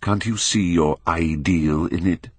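A man gives voice to a cold, bitter young man who speaks low and subdued. The voice is deep and husky, with a dry, close audiobook sound. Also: unhurried, no echo. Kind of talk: audiobook character reading.

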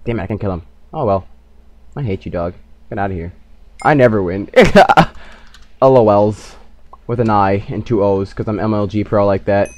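A young man hosting his own gaming channel, giving playful, trash-talking commentary over his game and bursting into loud shrieks. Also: fairly low pitch, moderate pace, long pauses, muffled recording. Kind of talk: let's play commentary.

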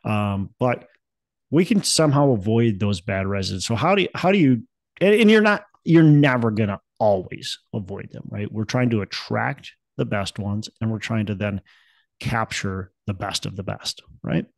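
A man's voice: lowish voice, animated, normal speed, vocal fry, no echo. A man hosting a podcast in casual chat, rambling and upbeat with plenty of fillers and restarts. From Minnesota. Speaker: podcast host.

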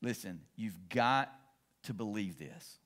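A middle-aged male pastor preaching a sermon and telling stories, swinging between excited and hushed delivery. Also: lowish voice, slow pace.

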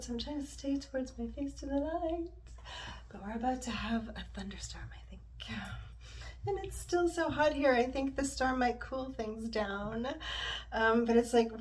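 A woman from Montreal chats casually from her bed, wandering off topic in a confessional way. Her voice sits a little high, and a faint hiss runs underneath. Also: a little mellow. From Montreal, Canada. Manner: rambling, digressive, confessional. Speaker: yoga and stretching vlogger. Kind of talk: casual personal vlog chat. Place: her bedroom, sitting on the bed.

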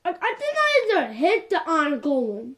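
A woman giving casual, animated commentary while playing a game. She sounds exasperated and keeps coming back to the same complaints. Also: very high voice, normal speed. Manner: animated and exasperated, repeats "like, for real". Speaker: gameplay commentator.

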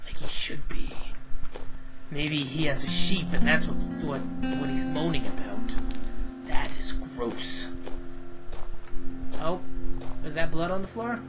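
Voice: medium pitch, expressive, slow pace, long pauses, poor audio. A gamer giving sarcastic, swearing commentary while playing a game. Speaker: let's-play gamer. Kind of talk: live gameplay commentary. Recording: loud game music behind.

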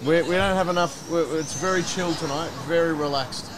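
A man's voice: fairly high pitch, fairly even intonation, a little fast, background noise. A man hosting a casual stream chat, chatty and repeating his words. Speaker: stream host. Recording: music playing behind.

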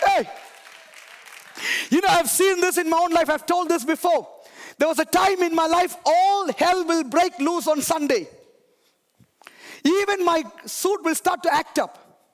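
A middle-aged man pastor preaching a sermon in a church, often shouting with emphasis and calling the congregation to respond. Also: extremely high pitch, normal speed, in a large hall, some chatter behind. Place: church sanctuary.

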